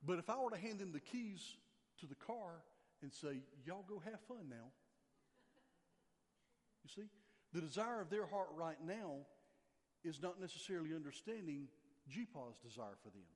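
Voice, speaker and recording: An older pastor man preaching in a slightly high voice, pressing his points by repeating them. His voice rings with a long hall reverb, as in a church sanctuary. He sinks low and quiet when he reads scripture. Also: animated, normal speed. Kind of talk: sermon.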